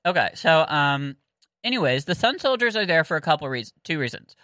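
A woman's voice: low-pitched, big pitch swings, a little fast, a bit bright, no echo, rough recording. A Southern American woman co-hosting a casual book-discussion podcast, chatty and giggly with lots of fillers and restarts. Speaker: podcast co-host.

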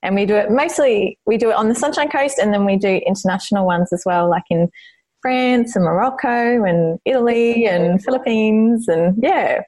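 A woman's voice: mid-range voice, normal speed, darkish tone, no room sound. A woman in her thirties, a guest on a podcast, talking about her retreat business in a bubbly, chatty way.

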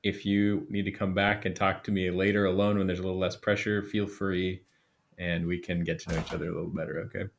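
Amused, lower-voiced male player. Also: level tone, fast, creaky. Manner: amused, laughs often. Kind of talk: casual chat in a tabletop game.

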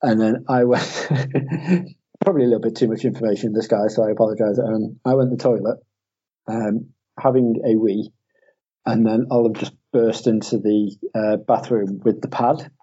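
A tired man with a mellow, slightly husky voice tells casual stories as a podcast co-host, often laughing at himself. The audio is dull and lo-fi. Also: fairly low pitch, fairly even intonation, moderate pace. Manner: laughing, storytelling, self-deprecating. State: tired from lack of sleep. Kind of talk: casual chat. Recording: dull lo-fi sound.

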